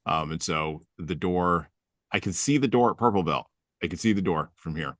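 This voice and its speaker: A man's voice: low-pitched, expressive, normal speed, fairly bright tone, no echo, studio quality. A middle-aged man hosting a casual chat, telling wry, self-deprecating stories with chuckles. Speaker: podcast host.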